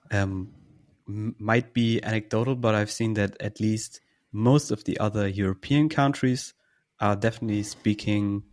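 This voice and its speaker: Halting man, lowish voice. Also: darkish tone. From Germany. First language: German. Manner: halting, searching for words. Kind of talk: casual podcast conversation.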